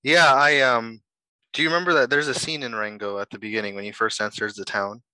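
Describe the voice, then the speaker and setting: A man's voice: mid-range voice, fairly even intonation, fairly quick, sharp tone, smooth, dry recording, rough recording. A man chatting casually, hesitant, with lots of fillers. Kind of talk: casual conversation.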